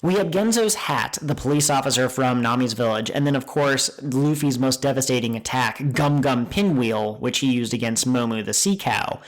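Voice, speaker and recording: A man co-hosting a podcast, retelling scenes with excited, animated energy in casual chat. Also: medium pitch, moderate pace, few pauses. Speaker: podcast co-host.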